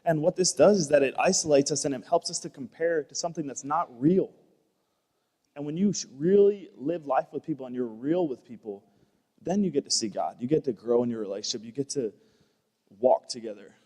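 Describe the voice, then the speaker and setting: A man's voice: fairly high pitch, a little fast, dark tone, long reverb tail. A man on a church staff talking earnestly in a panel discussion, often repeating himself and restarting phrases. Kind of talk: heartfelt panel talk.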